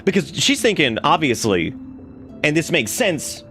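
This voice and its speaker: A man's voice: on the high side, big pitch swings, a little slow, fairly bright tone, soft background music. A man streaming a video game, telling rambling, laughing stories with many restarts and asides. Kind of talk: casual gameplay commentary.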